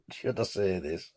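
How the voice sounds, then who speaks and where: A man's voice: deep voice, a little hiss or hum. A man telling a rambling, laughing anecdote on his vlog, swearing freely. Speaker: vlogger.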